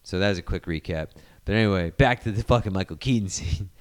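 A man in casual podcast chat, excitedly recapping a movie scene, swearing freely and acting out the characters' lines. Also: low voice, fast. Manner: animated, swearing, acting out scenes in quoted voices.

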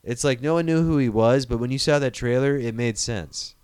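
A man hosting a casual chat, animated and profane, who rambles as he talks. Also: mid-range voice, fairly quick, smooth, no echo.

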